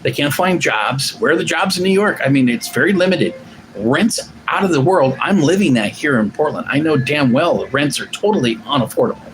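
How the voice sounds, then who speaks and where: A man's voice: on the high side, animated, fairly quick, a little hiss or hum, poor audio. Rambling, emphatic man streamer. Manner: reads out and answers viewer comments. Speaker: livestream host. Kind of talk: casual political commentary monologue.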